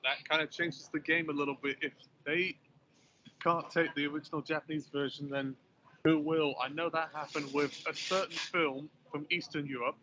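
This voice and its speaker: A man's voice: fairly high pitch, flat delivery, moderate pace, pushed and bright, muffled recording, a little hiss or hum. A man co-hosting a casual chat, rambling and hedging as he talks. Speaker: podcast co-host.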